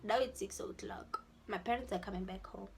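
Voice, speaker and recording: A young South African woman with a South African accent tells a casual, animated story in her vlog, mixing in Setswana phrases. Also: mid-range voice, brisk, slight background noise. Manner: animated, slips into Setswana for quoted lines. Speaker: vlogger. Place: her room at home.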